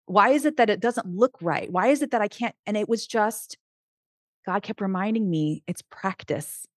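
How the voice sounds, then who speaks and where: A middle-aged woman who works as a Christian life coach, speaking in a casual podcast conversation. She is earnest and animated, often restarting her sentences. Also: mid-range voice, normal speed, no echo, clean studio sound.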